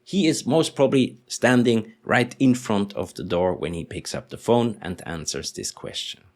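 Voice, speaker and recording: A man teaching in English, explaining patiently and slowly repeating example sentences. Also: lowish voice. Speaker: German teacher. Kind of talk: language lesson explanation.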